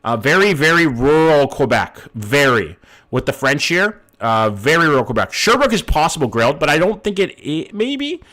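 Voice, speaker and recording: A man's voice: on the high side, animated, moderate pace, bright, forceful tone. Casual male streamer thinking aloud. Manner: casual, thinks aloud, greets chat, swears. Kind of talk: live-stream game commentary.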